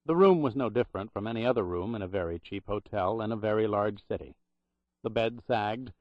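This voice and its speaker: Male audiobook narrator, steady even read, dry close sound, a bit dull. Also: lowish voice, dry recording. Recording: dry, slightly muffled recording.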